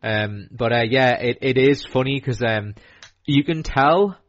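A man's voice: mid-range voice, unhurried. A man chatting casually as a co-host, rambling with many restarts. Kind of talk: casual chat. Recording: dull lo-fi recording.

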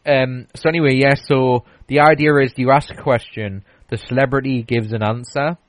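A man's voice: medium pitch, fairly even intonation, normal speed, dry recording, rough recording. Rambling man in casual chat. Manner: rambling, many restarts and fillers. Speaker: podcast host.

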